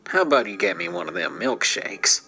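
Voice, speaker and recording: A man voicing a leering middle-aged cowboy who talks in a slow, sleazy southern drawl. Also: lowish voice, big pitch swings, gravelly, pushed and bright, slight background noise, pitched below the performer's own voice, heavily acted.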